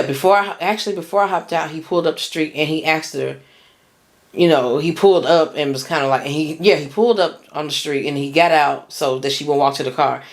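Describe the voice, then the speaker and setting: A young woman telling a personal story in a casual, rambling way, with lots of restarts and slang. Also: low voice.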